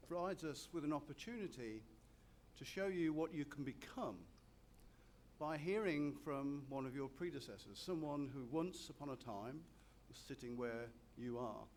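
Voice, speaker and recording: A man's voice: fairly high pitch, animated, normal speed, a little hiss or hum. A man emceeing a ceremony, polished and courteous, thanking one speaker and introducing the next into a podium mic.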